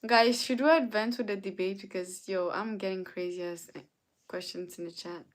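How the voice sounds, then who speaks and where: A woman's voice: medium pitch, fairly even intonation, moderate pace. A tired woman hosting a casual live stream, reading chat messages aloud and answering them. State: tired, yawning. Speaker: livestreamer.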